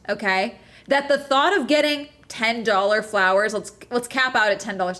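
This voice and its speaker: A woman's voice: fairly high pitch, a bit bright. Profane, exasperated woman ranting. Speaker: streamer. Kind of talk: casual ranting chat.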